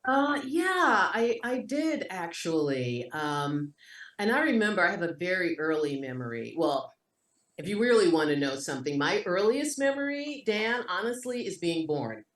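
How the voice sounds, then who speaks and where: Low-voiced New York woman on a roomy video call. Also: moderate pace. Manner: lively, expressive, voice jumps up in animated moments. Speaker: actor, interview guest. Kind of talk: conversational storytelling. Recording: echoey room, distant from mic.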